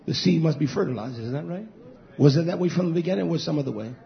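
A male pastor preaches a fiery sermon in a somewhat high, gravelly, animated, fast voice, swinging from loud shouts to hushed near-whispers and repeating key phrases. The recording is dull and lo-fi.

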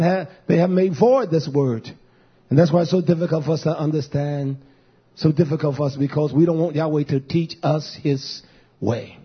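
Male pastor in full sermon, emphatic and rousing; high-pitched, husky tone, muffled lo-fi sound. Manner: emphatic, calls out to the congregation. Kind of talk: preaching a sermon.

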